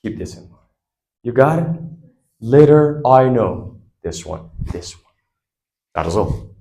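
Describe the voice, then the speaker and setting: A man teaches a grammar lesson to a class. He talks slowly and deliberately, and his pitch swings widely. He keeps firing questions back at his students. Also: creaky, poor audio. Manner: lively, quizzes students with repeated questions. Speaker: English teacher.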